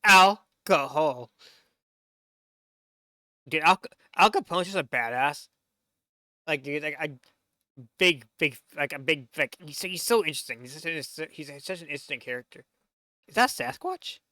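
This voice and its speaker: A man casually reacting to a video, excitable, swearing and tripping over his words. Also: on the high side, a little fast, no room sound, clean studio sound. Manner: excitable, swears, stumbling restarts. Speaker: reaction channel host.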